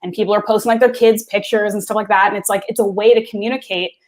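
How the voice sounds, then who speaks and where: A woman co-hosts a podcast in loose, chatty conversation. She talks fast and strings her thoughts together with frequent fillers, at a middle pitch. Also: fairly even intonation. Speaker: podcast co-host.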